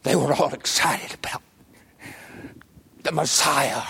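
An older man, preaching a sermon with folksy stories and sudden loud outbursts. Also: medium pitch, takes it slowly, gravelly, pauses often, breathy edge. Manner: folksy storytelling, bursts into loud exclamations.

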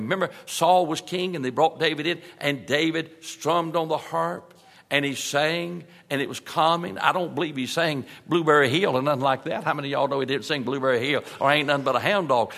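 A man preaching a sermon in a folksy manner, slowing down for emphasis and dropping soft on key points. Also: fairly high pitch, gravelly. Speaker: pastor. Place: large church sanctuary. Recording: long reverb of a church hall.

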